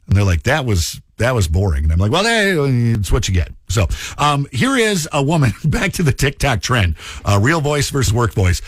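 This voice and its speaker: Chatty Minnesotan radio host, animated. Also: male voice, medium pitch, normal speed, no room sound, clean studio sound. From Minnesota, USA. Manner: chatty, animated, self-mocking. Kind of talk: casual radio talk.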